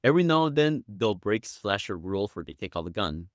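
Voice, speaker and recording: Enthusiastic low-voiced man guest. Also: sing-song, brisk, no room sound, studio quality. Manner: enthusiastic storyteller, acts out quotes. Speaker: podcast guest. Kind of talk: casual podcast chat.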